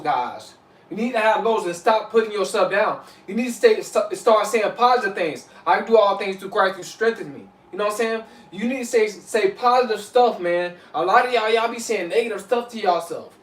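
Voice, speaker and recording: A man giving casual spiritual advice as a vlogger, loose and repetitive, saying "you know what I'm saying" often. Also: sits high. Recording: echoey room, mic at a distance.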